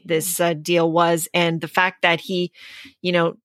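Bright-toned woman in sports chat. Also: fairly low pitch, level tone, dry recording. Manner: measured, filler-heavy, agreeable. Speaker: podcast co-host.

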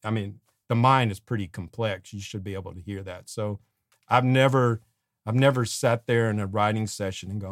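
A middle-aged man co-hosting a songwriting show, giving casual advice in an animated way and humming melody bits as he talks. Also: lowish voice, normal speed, no room sound, clean studio sound. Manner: animated, sings melody fragments, acts out quotes. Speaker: podcast co-host and songwriting teacher.

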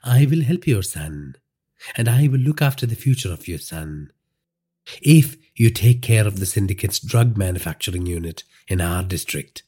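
A man's voice: lowish voice, lively intonation, moderate pace, dark tone, slightly rough. A man reading a crime audio story and voicing a stern middle-aged pastor who speaks in an emphatic, preaching way. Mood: bargaining.

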